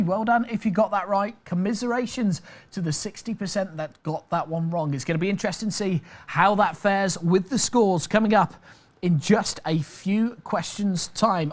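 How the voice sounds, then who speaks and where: A British man hosting a live online quiz, reading out questions and answer options with chatty, jokey patter. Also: sits high. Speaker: quiz master.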